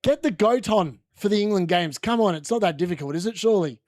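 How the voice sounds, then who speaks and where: Young guy doing a footy watchalong, chatty and rambly, highish voice, dry sound. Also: lively intonation, quick pace, darkish tone, no echo. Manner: chatty, rambling, reacting to the match. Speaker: watchalong host. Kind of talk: casual live football watchalong chat. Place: room at home.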